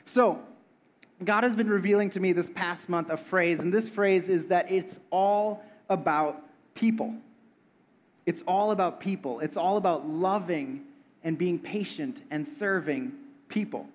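A young man preaching a casual sermon, joking and asking the audience questions. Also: sits high. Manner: playful, talks with the audience. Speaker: pastor.

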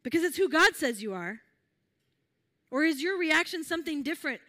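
A woman with a slightly high voice delivers a sermon to her congregation. She talks in a gentle, earnest, conversational way, often restarting her sentences as she guides listeners through imagining a scene. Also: lively intonation, moderate pace. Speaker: preacher.

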